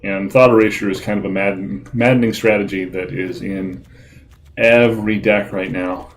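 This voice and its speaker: A man giving relaxed, casual commentary over his card game play, with frequent ums and uhs and a self-deprecating tone. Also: low voice, normal speed, a little hiss or hum, poor audio. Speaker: gaming video host.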